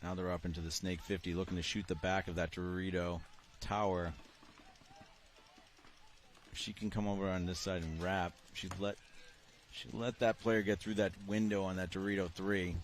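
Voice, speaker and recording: Middle-aged boston guy, real low voice, breaking down plays live. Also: flat delivery, normal speed, pauses often. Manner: analytical, explains tactics. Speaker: commentator. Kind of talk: live sports commentary.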